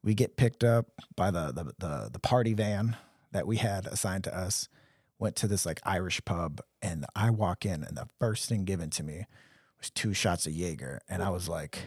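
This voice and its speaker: A man's voice: sits low, moderate pace, a little mellow, husky, no echo, clean studio sound. A young man telling stories in casual podcast chat, acting out quotes in different voices. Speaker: podcast co-host.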